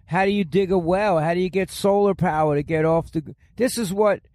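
An older man with a New York accent, telling stories in a blunt, profane, animated way in casual chat. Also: high-pitched, fairly quick, dry recording, studio quality.

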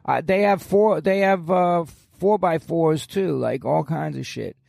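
A man's voice: a little high, unhurried, vocal fry, no room sound, clean studio sound. Foul-mouthed older New York man. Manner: blunt, profane, animated storyteller. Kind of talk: casual chat.

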